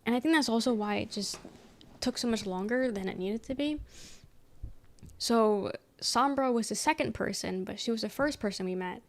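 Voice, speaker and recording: A woman's voice: on the high side, normal speed. A young woman streamer casually rambling through a story, full of fillers and quoted back-and-forth. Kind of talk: casual chat.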